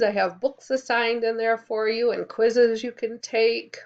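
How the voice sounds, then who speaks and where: A woman teaching a kindergarten class in a recorded lesson, speaking clearly and encouragingly and prompting the children to repeat after her. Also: a little high, little pitch movement, takes it slowly, hardly any pauses, lo-fi sound.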